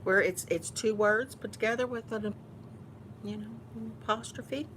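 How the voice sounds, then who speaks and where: A woman's voice: mid-range voice, moderate pace, fairly bright tone, a little hiss or hum. A woman from Houston with a Texan Southern accent, chatting casually while eating on camera, teasing and mock-bossy. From Houston, Texas. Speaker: YouTuber.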